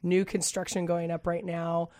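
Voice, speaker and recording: A woman talks on a studio radio show, her lowish voice husky and a little worn from a recent cold. She chats freely, laughs easily and trips over her words now and then. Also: level tone, normal speed, mellow. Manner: chatty, laughs often, stumbles over words. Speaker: real estate agent and co-host. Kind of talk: casual radio chat.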